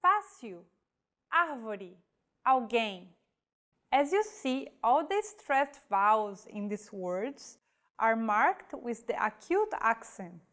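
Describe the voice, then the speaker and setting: Slow, careful female tutor. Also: on the high side, sing-song. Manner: slow, careful enunciation of example words. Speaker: language teacher. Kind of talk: pronunciation lesson.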